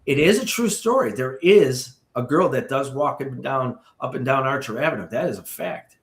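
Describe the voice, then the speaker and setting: A man tells a ghost story as a podcast guest, animated and full of asides to the listener. His voice sits in a middle pitch. The recording has a noticeable room echo. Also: moderate pace. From Chicago area. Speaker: paranormal tour guide, guest.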